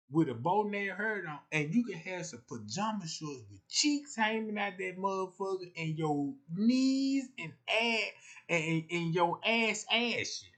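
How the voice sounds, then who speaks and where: A man's voice: high-pitched, a bit bright. A young man, rambling loosely on a casual livestream and acting out the voices he quotes.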